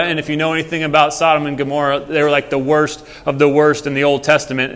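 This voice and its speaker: Brief: young male pastor, a bit high-pitched, chatty storytelling sermon, reverberant hall. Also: fast talker, few pauses, a bit bright. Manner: conversational, storytelling. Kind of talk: casual sermon. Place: church hall.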